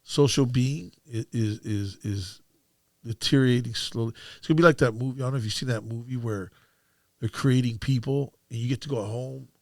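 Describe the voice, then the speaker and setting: A man hosting a podcast in casual conversation, easygoing and quick to agree. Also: mid-range voice, creaky, a little mellow, no echo, studio quality. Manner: easygoing, frequent agreeing interjections. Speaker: podcast host.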